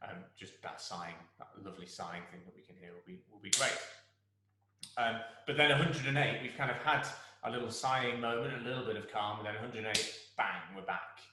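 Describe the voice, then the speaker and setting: Brief: male conductor, lowish voice, encouraging, sings the odd phrase, strongly reverberant room. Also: a little fast, bright, forceful tone. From England. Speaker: orchestra conductor. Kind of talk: rehearsal guidance to musicians. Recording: very echoey room.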